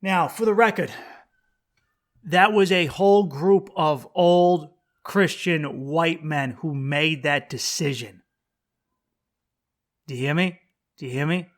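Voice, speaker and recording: Pitched on the high side, this man talks slowly and leaves long pauses. He's alone on his own podcast, swearing and rambling in a blunt, casual monologue, breaking off to restart sentences and tossing rhetorical questions at the audience.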